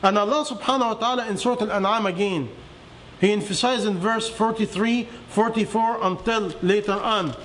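A man with a high voice delivers a sermon in non-native, simplified English. He swings dramatically between raised, high emphasis and low, heavy lines. A faint hiss of background noise runs under the recording. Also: steady tone, brisk, a bit bright. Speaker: religious teacher.

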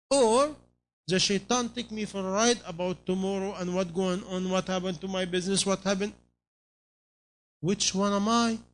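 A man with a high voice preaches a sermon in non-native English phrasing, pressing his listeners with one rhetorical question after another.

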